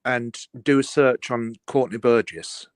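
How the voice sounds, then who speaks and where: A man's voice: medium pitch, a little slow, clear, resonant tone, no room sound. A man calling in to a live stream, polite and methodical as he lays out details point by point. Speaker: caller. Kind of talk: casual call-in chat.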